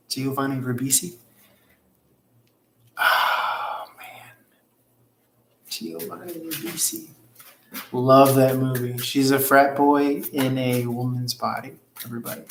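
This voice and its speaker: Reading viewers' comments on his tarot livestream, a man rambles casually and swears a lot. He has a mid-range, slightly bright voice, and the recording carries a roomy echo, faint ambience, and slight background noise.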